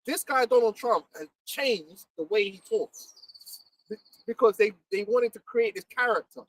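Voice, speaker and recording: A man, chatting casually as host in an animated, slangy way, laughing often. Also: very high-pitched, normal speed, no echo. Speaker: livestream host. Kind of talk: casual chat. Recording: distant mic, faint background noise.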